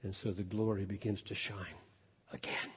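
A man preaching an expository sermon, emphatic, climbing to loud peaks and then dropping low. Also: fairly even intonation, normal speed, breathy edge. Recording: long hall reverb.

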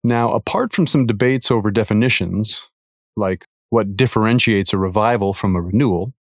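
Man reading a faith article out loud, low voice, dry close sound, steady and earnest. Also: no room sound. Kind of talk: reading a devotional article aloud.

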